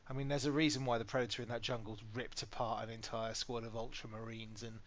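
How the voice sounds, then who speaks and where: British man, casual podcast chat, lively storytelling, slightly muffled sound. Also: medium pitch, fast, over a noisy crowd. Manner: animated storytelling, swears freely. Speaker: podcast co-host.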